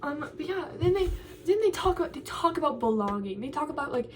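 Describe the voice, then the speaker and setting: A young college woman vents to the camera, tearful and frustrated, circling back over the same complaints. Her voice sits very high. She sounds a little distant from the mic, with faint noise behind her. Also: sing-song, brisk, darkish tone. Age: young adult. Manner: frustrated, rambling, repeats herself. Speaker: college student vlogger. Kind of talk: venting to camera.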